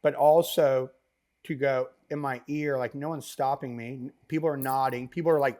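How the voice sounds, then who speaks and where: Rambling, animated man telling stories. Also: a little high, brisk. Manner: rambling, animated, many fillers and asides. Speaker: podcast guest, business founder. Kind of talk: casual interview storytelling.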